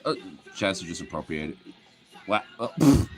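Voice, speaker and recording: Young guy talking to his dogs, lively sing-song swoops, faint music under him. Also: normal speed, vocal fry, long pauses. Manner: playful, swings into high cooing pet talk. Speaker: dog owner vlogger. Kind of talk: casual talk to his pet dogs.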